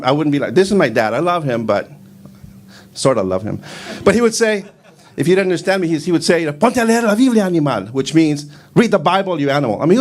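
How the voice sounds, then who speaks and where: A man in his fifties doing a stand-up comedy set on a club stage, rambling in a deadpan way with lots of fillers. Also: on the high side. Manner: rambling, deadpan delivery with frequent fillers, breaks into shouted Spanish quotes.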